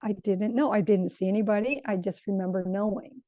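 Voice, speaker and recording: Mellow-voiced woman telling a spiritual story. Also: mid-range voice, brisk, dry recording, dull audio. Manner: earnest, reflective, searching for words. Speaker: guest sharing a spiritual experience. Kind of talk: personal storytelling.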